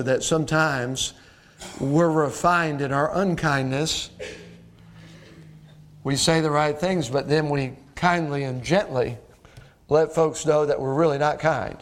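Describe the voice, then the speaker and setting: Male pastor, middle-aged, slightly raised pitch, plainspoken folksy sermon delivery. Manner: folksy, direct address to congregation, frequent "uh" and rhetorical questions.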